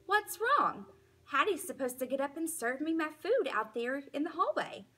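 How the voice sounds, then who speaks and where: A woman's voice: sits high, big pitch swings, normal speed, pushed and bright, voice pushed up, exaggerated voice. A woman voicing an eager, dramatic young male dog who pleads and whines theatrically. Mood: indignant.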